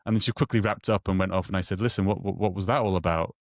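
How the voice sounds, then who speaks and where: Man, lowish voice, casual storyteller, lots of false starts, dry close mic. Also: fairly even intonation, no room sound. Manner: halting, many restarts and repeated words, acts out quoted dialogue. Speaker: guest telling a personal story.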